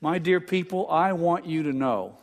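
A man's voice: a little high, moderate pace. Older male pastor preaching in a reverberant sanctuary. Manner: earnest, stammers and repeats words, builds emphasis. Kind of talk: sermon. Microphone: pulpit microphone.

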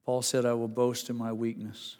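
A man preaching a sermon as pastor, halting and repeating words, then rising to emphatic, higher passages. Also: completely flat delivery, a little mellow, in a large hall.

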